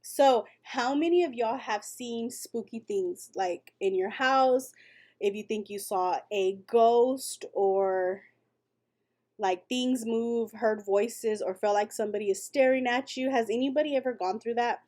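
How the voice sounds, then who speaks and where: A chatty woman from West Texas hosts a late-night livestream, telling stories and reading viewer comments aloud. Her voice is on the high side with a darkish tone, and she speaks a little slowly.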